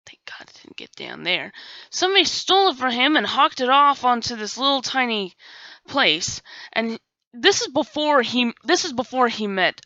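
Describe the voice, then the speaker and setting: A woman's voice: a little high, sharp tone, dry recording. A young woman hosting a gaming video, telling a rambling, self-mocking story with giggles. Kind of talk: storytelling over gameplay. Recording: dull lo-fi dry recording.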